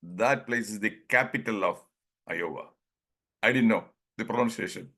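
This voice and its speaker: A lowish, creaky voice, pushed and bright, comes from a man from India with an Indian English accent. Running an informal online group session about pronunciation, he drawls words slowly, acts out small dialogues and chuckles frequently.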